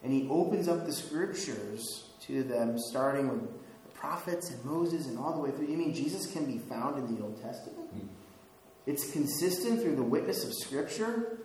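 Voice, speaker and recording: A male pastor preaching in an easy, conversational way, often chuckling and putting questions to his listeners. His voice is caught in a hugely echoey church hall, with a faint hiss underneath. He sits at a middling pitch. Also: lively intonation, moderate pace, darkish tone. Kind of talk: sermon.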